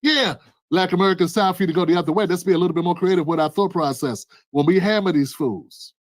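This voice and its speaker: A man giving impassioned political commentary, preachy and emphatic, rising to shouts. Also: sits high, quick pace, no room sound.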